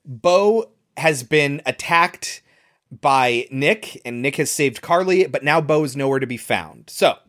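A co-host walks step by step through the plot of a horror film in casual chat. The voice sits in the middle range. The delivery stays steady, with dry asides dropped in along the way. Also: medium pitch, takes it slowly. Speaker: podcast co-host.

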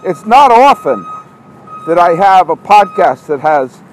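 A man's voice: high voice, big pitch swings, measured pace, low-quality recording. A man hosting a walking monologue podcast from an outdoor parking lot at night, scolding himself in an exasperated ramble. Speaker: podcast host. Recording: outdoor street noise, truck backing up.

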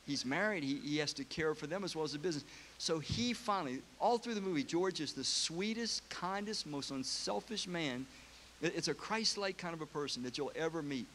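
A man preaching, retelling a story with feeling and casual asides. His voice sits a bit high. A faint hiss lies under the recording. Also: expressive, a little fast, fairly bright tone. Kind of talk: sermon retelling a film story.

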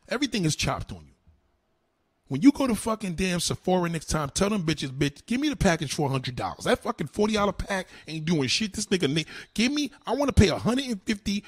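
A man with a raspy, somewhat high voice rants straight to the camera. His pitch swings widely, from low mutters up to shouted insults. He talks with crude, cutting bluntness. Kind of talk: heated profane rant to camera.

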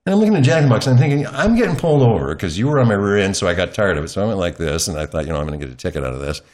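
Interviewed at his home, a longtime news anchor tells a chatty anecdote, very animated and very fast. His voice is on the low side and a little mellow as he shares the story candidly.

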